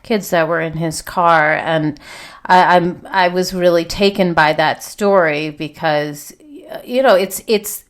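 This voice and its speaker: A woman's voice: lowish voice, steady tone, slow. A woman hosting a podcast interview, attentive and reflective as she responds to her guest. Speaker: podcast host.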